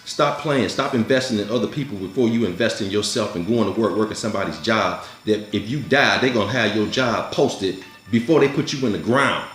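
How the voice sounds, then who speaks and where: Speaking fairly quickly with hardly any pauses, a man with a lowish, fairly bright voice hosts his own commentary. His monologue is blunt, preachy and motivational, pressing the same urgings repeatedly, recorded in an echoey room over faint music.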